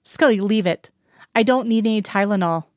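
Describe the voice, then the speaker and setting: A woman's voice: mid-range voice, normal speed, no room sound, clean studio sound, natural voice. A woman reading the lines of a male FBI agent who talks in tense, clipped bursts of anger. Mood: angry. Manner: tense, clipped, sharp outbursts.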